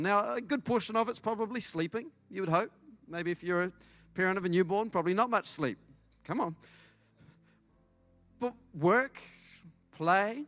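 A middle-aged man preaching a sermon as pastor, lively and storytelling, acting out dialogue. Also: high voice, no room sound. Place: church service.

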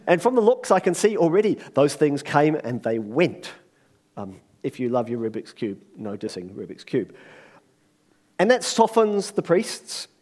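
Guy giving a sermon, lively voice swings up and down, casual and jokey. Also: a little high. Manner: lively and conversational, with jokes and acted-out quotes. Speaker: preacher.

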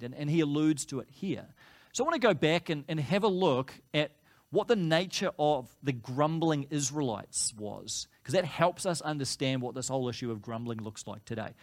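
A pastor preaching a conversational sermon, rising and pressing when he voices complaints. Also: a little high.

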